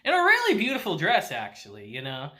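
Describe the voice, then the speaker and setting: A man's voice: a little high, huge pitch swings, a little fast, bright, forceful tone. A man casually recapping and reviewing an anime episode, laughing often and swearing freely.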